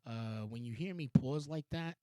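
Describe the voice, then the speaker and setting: A man's voice: mid-range voice, moderate pace, darkish tone, dry recording. A man with a Los Angeles accent hosting a rambling solo talk show at his home computer, meandering, interrupting himself, swearing casually and laughing often. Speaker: podcast host.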